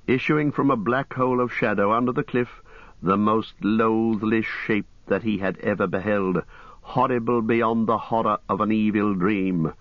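Deep-voiced man narrating an audiobook. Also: dry recording, dull audio. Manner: measured, grave and deliberate. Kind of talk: scripted dramatic narration.

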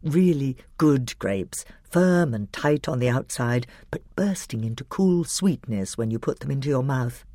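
An audiobook reader giving expressive, scripted storybook narration and breaking into put-on voices for the characters. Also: medium pitch, no room sound, studio quality.

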